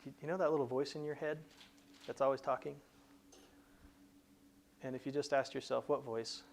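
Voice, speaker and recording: A man's voice: mid-range voice, level tone, normal speed, vocal fry, slight background noise. A man hosting a career advice show, explaining plainly in a conversational teaching style with frequent restarts. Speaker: career coach host.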